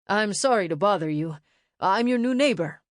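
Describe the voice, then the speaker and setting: A woman's voice: medium pitch, animated, moderate pace, dry recording, clean studio sound, close to an everyday voice. A woman voicing a friendly, polite male neighbor with a Mexican-style accent in an audiobook, apologetic and in a hurry. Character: friendly male new neighbor, around forty. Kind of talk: audiobook character voice.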